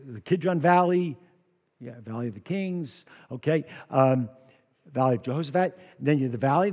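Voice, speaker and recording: A male pastor preaching a lively sermon, with personal asides and humor. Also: fairly high pitch. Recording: long hall reverb.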